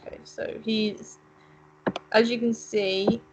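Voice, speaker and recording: A woman talking her way through a video game, reading on-screen text and musing on it. Her voice sits a touch high. A faint noise hangs in the background. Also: level tone, takes it slowly. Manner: chatty, muses aloud while reading game text. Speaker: let's play co-host. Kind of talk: casual gaming commentary.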